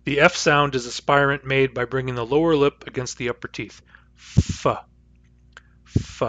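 Man, language teacher, patient, demonstrates sounds, middle pitch, dry close mic. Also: a bit bright, no echo. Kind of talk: phonetics lecture with spoken sound demonstrations.

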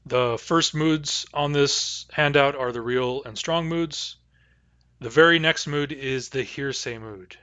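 Man slowly teaching language lesson. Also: medium pitch, sharp tone, dry recording. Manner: slow, careful pronunciation of example phrases.

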